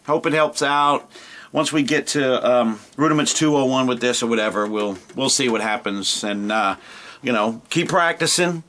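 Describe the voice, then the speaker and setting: A man's voice: medium pitch, moderate pace, a bit bright. A man hosting a casual drum lesson video, rambling and self-deprecating with many fillers. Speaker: drum teacher.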